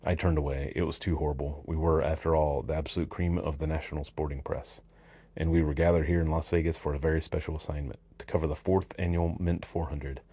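A man's voice: rumbling low, fairly even intonation, fast talker, warm tone, slightly rough, dry recording. A man reading a first-person story aloud in a wry, sardonic narrating voice. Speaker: audiobook narrator.

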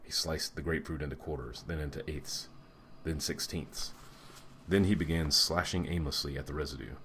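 A man narrating an audiobook in a measured, dry storytelling manner. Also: extremely low pitch, a bit bright, slight background noise.

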